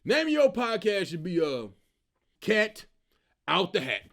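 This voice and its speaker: A man hosting his own comedy show, giving casual, animated commentary and telling stories, laughing and slipping into character voices. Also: extremely high pitch, moderate pace, vocal fry.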